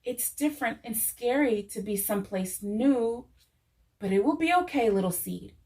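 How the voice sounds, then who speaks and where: A woman's voice: a little high, lively intonation, moderate pace, recorded from a distance. Woman doing Little Fox, a loyal young fox boy. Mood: reassuring. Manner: loud calling, then soft and soothing.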